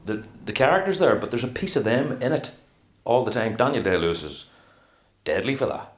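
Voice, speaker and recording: A middle-aged man, an actor being interviewed, talking in a casual, animated way and acting out what he would say. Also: medium pitch, fairly quick. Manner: animated, rambling, acts out quotes. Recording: echoey room.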